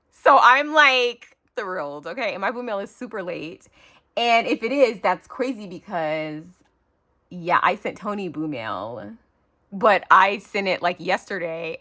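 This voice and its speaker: A woman's voice: medium pitch, pushed and bright. A woman crafting vlogger unboxing a surprise package, gushing and squealing with lots of chatty fillers. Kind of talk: excited unboxing vlog.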